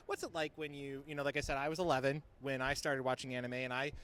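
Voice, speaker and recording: A man's voice: medium pitch, steady tone, quick pace, fairly bright tone, clear, resonant tone. A man in his thirties interviewing voice actors at a convention, asking long earnest questions with some stumbling. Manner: earnest, hesitant questions with fillers. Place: convention floor.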